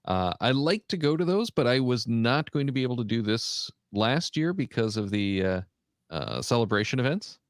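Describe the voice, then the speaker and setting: A man co-hosting a casual podcast chat, reading through a list with frequent pauses and fillers. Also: mid-range voice, sing-song, no room sound, clean studio sound. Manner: halting, many "uh" fillers while reading out a list. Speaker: podcast co-host.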